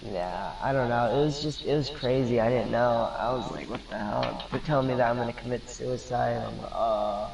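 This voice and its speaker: A man's voice: medium pitch, fairly quick, vocal fry, few pauses, far from the mic, highs cut off, background noise. A young man telling a rambling story over voice chat while gaming, laughing often and acting out the lines of the people in it.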